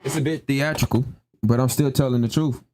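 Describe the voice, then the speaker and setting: Mid-range and steady in tone, a bit fast and darkish, a young man's voice carries an emphatic live-stream rant. He's slangy and casual, restates his points, and often asks "you know what I'm saying."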